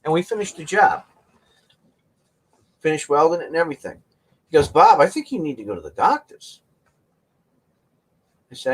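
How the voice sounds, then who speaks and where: A man's voice: on the high side, big pitch swings, normal speed, pauses often, slight background noise. A middle-aged man hosting his own channel, telling a story in a folksy, casual way and laughing often. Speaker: channel host.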